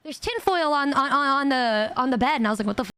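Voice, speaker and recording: A woman streamer telling a story in casual chat, stammering and repeating words, quoting others in animated voices. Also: high voice, fairly quick.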